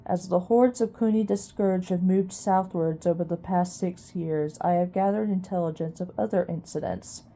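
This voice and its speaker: Squeaky, muttering old mouse scholar, mellow and soft, read by a woman. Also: moderate pace, hardly any pauses. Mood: recounting. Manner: squeaky, barely above a whisper, muttering. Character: ancient wise old male mouse archivist.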